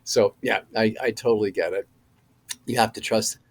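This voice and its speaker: Low-voiced man telling stories. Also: brisk. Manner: animated storyteller, many fillers and restarts. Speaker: actor guest. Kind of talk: casual podcast interview.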